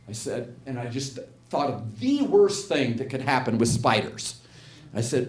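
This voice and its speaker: A man's voice: mid-range voice, sing-song, moderate pace, a little mellow. An older man giving an inspirational talk to a spiritual community, telling a story, acting out the quotes and asking the audience questions. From United States. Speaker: guest speaker at a spiritual community. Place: church hall with audience. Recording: echoey hall.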